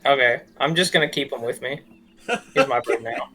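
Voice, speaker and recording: A man's voice: mid-range voice, normal speed, sharp tone. A young man playing in a tabletop game, laid-back and goofy. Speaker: player. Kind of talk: casual tabletop game play.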